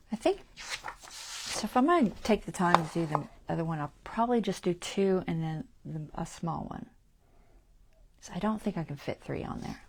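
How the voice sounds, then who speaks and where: A low-pitched voice with vocal fry carries this casual crafting livestream, recorded from home on a worn mic. The host talks through her decisions as she goes, often dropping to a near-whisper for asides, over slight background noise.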